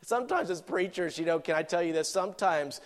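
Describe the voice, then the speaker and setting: A middle-aged male pastor preaching a sermon, animated, asking rhetorical questions and often laughing. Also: high voice, brisk.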